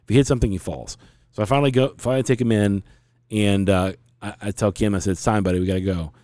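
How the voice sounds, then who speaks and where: A man's voice: on the low side, fairly even intonation, fast talker, dark tone, dry recording, clean studio sound. A middle-aged man hosting a casual talk show, telling a story in a frank, rambling way with many restarts. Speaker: podcast host.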